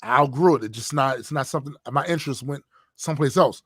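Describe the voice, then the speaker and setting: A man co-hosting a podcast in casual chat, animated, with frequent laughs and repeated words when heated. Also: mid-range voice, fast, slightly rough, dry recording, clean studio sound. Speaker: podcast co-host.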